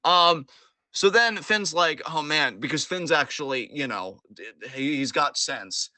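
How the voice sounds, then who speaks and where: A man hosting a podcast, recapping events in an animated, joking way with plenty of swearing. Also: on the high side, measured pace, dry recording. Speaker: podcast host. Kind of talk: casual wrestling recap chat.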